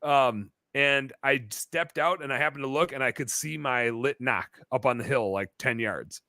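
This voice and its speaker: Animated bright-voiced man telling stories. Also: medium pitch, normal speed, no room sound. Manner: animated storyteller, many fillers. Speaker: podcast guest. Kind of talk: casual storytelling chat. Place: bar-themed podcast set.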